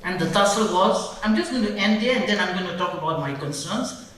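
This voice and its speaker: A woman's voice: medium pitch, brisk, a bit bright, slight background noise. Indignant woman speaking in an echoey hall. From Nagaland. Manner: indignant, emphatic, repeats phrases. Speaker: human rights defender. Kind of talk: public panel talk. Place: large event hall. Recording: very echoey hall, mic far off.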